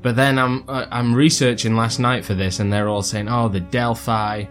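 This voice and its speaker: A man's voice: mid-range voice, fairly quick, soft background music. Playful man hosting a podcast. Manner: playful, rambling, jokey. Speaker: podcast host. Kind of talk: casual podcast chat.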